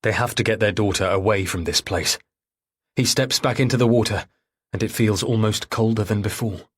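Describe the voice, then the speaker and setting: A man reading a thriller audiobook in third person, with a somewhat low, husky voice. His delivery is measured and grave throughout. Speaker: audiobook narrator.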